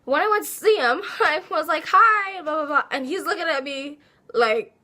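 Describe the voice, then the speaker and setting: A young woman telling a casual storytime, animated and laughing as she acts out her own quotes. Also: high-pitched, moderate pace. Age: young adult. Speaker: vlogger.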